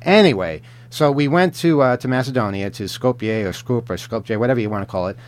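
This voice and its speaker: A man co-hosting a podcast recounts a trip in loose, easygoing chat. He rambles and restarts his sentences, fills pauses with "uh", and chuckles as he goes. His voice sits at an ordinary middle pitch. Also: animated. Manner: rambling, many fillers and restarts, chuckles often. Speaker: podcast co-host. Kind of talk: casual travel chat.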